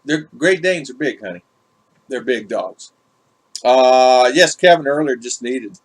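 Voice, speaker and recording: A man's voice: medium pitch, expressive, a little slow. A middle-aged man hosting a casual livestream, chatting and greeting viewers in the chat by name. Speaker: vlog host reading live chat.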